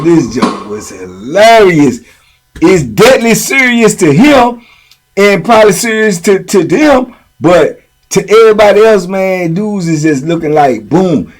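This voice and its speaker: A man telling a story in a casual, animated way, full of slang and repeated phrases. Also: fairly high pitch, husky. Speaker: storyteller host.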